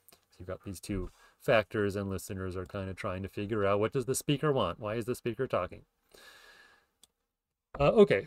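A man's voice: mid-range voice, darkish tone, no echo. A man hosting his own podcast, explaining ideas in a casual lecture, thinking aloud with fillers and self-corrections. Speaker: podcast host explaining linguistics.

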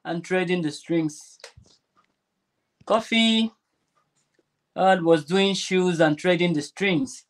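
A woman's voice: fairly low pitch, slow, pauses often. A woman vlogger chatting casually while sewing, rambling and restarting her sentences. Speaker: crafter vlogger.

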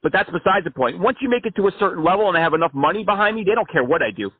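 A man doing a pompous small-time candidate who rambles through an absurd campaign pitch. His voice sits high and husky, squeezed through a thin, phone-like line with no room around it. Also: lively intonation, very fast, no echo. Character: self-important male fringe politician, a smooth-talking blowhard. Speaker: prank caller.

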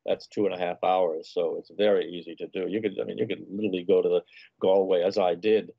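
A man's voice: low voice, steady tone, fast talker, vocal fry, dry recording, dull audio. A man guest on an interview show, a food and travel writer telling leisurely, anecdotal stories in casual conversation.

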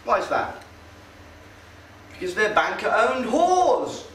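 His high, slightly bright voice takes on a sing-song lilt and a slow pace as he delivers a relaxed, sardonic talk to people in a meeting hall. Fillers and hesitations run through it. Sound is distant and roomy, with faint noise.

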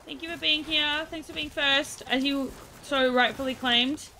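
Australian woman streamer, playful and giggly, slightly high voice, faint background hiss. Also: fairly even intonation, normal speed, bright, forceful tone. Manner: playful, laughs often, baby-talks to her dog. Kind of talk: casual chat with viewers.

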